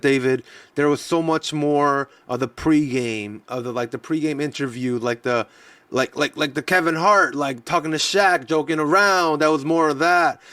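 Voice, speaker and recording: A man's voice: a little high, a bit bright, no echo, distant mic. A man co-hosting a sports podcast in casual chat, talking loosely with lots of restarts. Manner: loose and rambling, many restarts and fillers.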